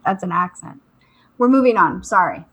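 A woman's voice: fairly low pitch, animated, moderate pace, a bit bright, breathy edge. A young woman from California, co-hosting a podcast, blunt and joking, with casual swearing. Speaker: podcast co-host. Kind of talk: casual chat.

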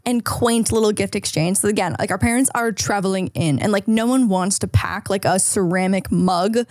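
A woman's voice: mid-range voice, normal speed, a little mellow, dry recording, clean studio sound. A woman in her thirties co-hosting a podcast, chatting casually with lots of likes and fillers. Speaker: podcast co-host. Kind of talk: casual chat.

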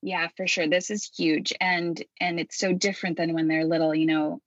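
A woman's voice: fairly low pitch, flat delivery, normal speed, no room sound. A woman guest explaining parenting ideas in a thoughtful, conversational way. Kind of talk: casual conversation. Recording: dry, muffled lo-fi audio.

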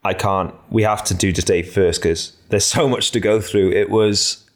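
Male pundit, very deep voice, relaxed rambling delivery with plenty of ums, easygoing podcast chat. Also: normal speed. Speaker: podcast co-host, cycling pundit.

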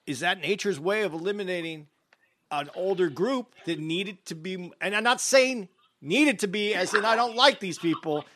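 A comedian chats casually on a podcast, hedging his points and repeating again and again that he's just asking. His voice is on the high side with a fairly bright tone.

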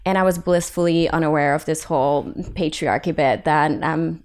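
A woman's voice: low-pitched, moderate pace. A young adult woman from Hungary with a Hungarian accent, talking frankly as an illustrator guest on a podcast interview. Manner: frank, animated, laughs often.

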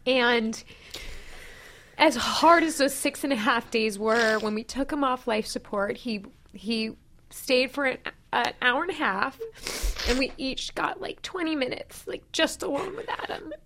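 A woman in her thirties, a podcast co-host, candidly retelling a painful personal story with animated quoted dialogue. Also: fairly high pitch, measured pace, a little hiss or hum. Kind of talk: personal storytelling in casual chat.

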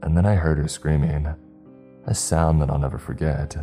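A man narrating a first-person horror story in a tense, hushed way. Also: very deep voice, fairly even intonation, normal speed, soft background music.

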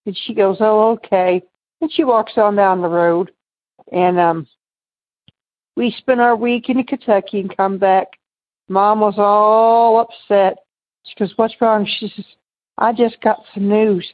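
A woman's voice: mid-range voice, fairly even intonation, takes it slowly. A woman caller telling a personal ghost story in a casual, rambling way. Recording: phone line, muffled.

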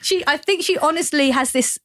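A woman's voice: sits high, brisk, a bit bright, dry recording. A woman co-hosting a podcast, chatting casually with jokey asides into a studio microphone. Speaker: podcast co-host. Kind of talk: casual chat.

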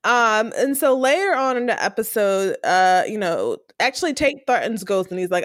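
A woman's voice: mid-range voice, animated, normal speed, few pauses, a bit bright, no room sound, clean studio sound. A woman co-hosting a casual chat, retelling a TV episode and acting out the characters' lines in slangy voices. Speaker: podcast co-host recapping a TV episode.

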